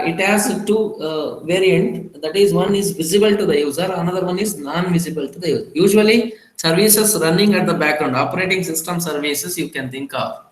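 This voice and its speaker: A man from India giving a recorded revision lecture, talking haltingly with many fillers and restarts. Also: high-pitched, reverberant, poor audio.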